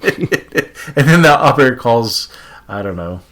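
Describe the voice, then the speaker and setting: A man's voice: mid-range voice, very animated, unhurried, a bit bright. Male co-host, casual podcast chatter, rambling delivery with frequent self-corrections and laughs. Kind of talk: casual chat.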